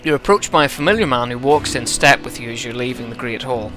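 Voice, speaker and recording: A man's voice: mid-range voice, fast, sharp tone, faint music behind. A tipsy man narrating a story game, joking and rambling between lines. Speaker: let's-play narrator.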